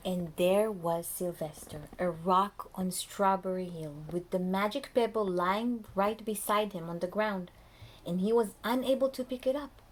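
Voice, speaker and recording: A woman's voice: medium pitch, a little slow, a little hiss or hum. Woman reading a storybook to preschoolers. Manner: animated, often drops to a soft whisper, talks to the children. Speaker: preschool teacher reading aloud. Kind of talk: picture book read-aloud for young children.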